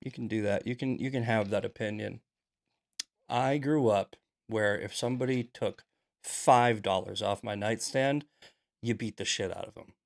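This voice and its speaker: A man's voice: fairly low pitch, normal speed, gravelly. An American man hosting a news commentary show, ranting in a heated, profane way and repeating himself. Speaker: host.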